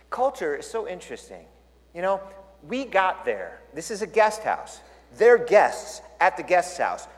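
A male pastor giving a storytelling sermon, jokey and animated, acting out the scenes. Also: sits high. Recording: long hall reverb.

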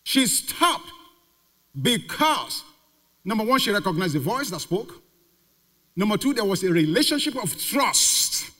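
A pastor preaching a sermon with emphatic repetition and rhetorical questions. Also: male voice, on the high side, expressive, moderate pace, pushed and bright. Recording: reverberant hall.

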